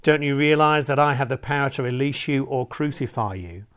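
A stern, uneasy Roman governor, as a male scripture reader puts him on, pressing his questions in a slightly raised voice. He sounds like a man reading aloud in church, just a little brighter and more forceful than his own narrating voice. The delivery stays measured and plain. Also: medium pitch, clear, resonant tone, lightly acted. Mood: questioning.

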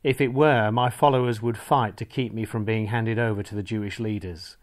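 A calm, steady man on trial, voiced by a male scripture reader in a plain, even tone. He speaks at a measured pace. There is no put-on character voice, just steady reading. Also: lowish voice, close to an everyday voice.

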